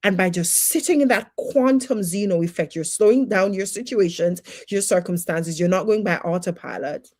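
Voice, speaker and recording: A woman's voice: mid-range voice, normal speed, hardly any pauses, darkish tone. A woman teaching personal development on a livestream, emphatic and full of rhetorical questions, with faith-based encouragement.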